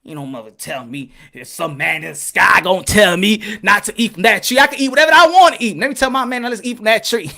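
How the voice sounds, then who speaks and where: A man's voice: high-pitched, lively intonation, fast, creaky, few pauses, pushed and bright, heavily acted. A man voicing a sassy, defiant young woman in a comic retelling.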